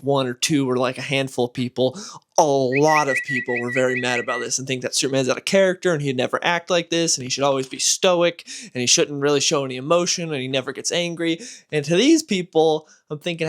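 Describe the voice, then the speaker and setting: A man giving casual, animated commentary as a comic book channel host, exasperated and ranting. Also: a little high.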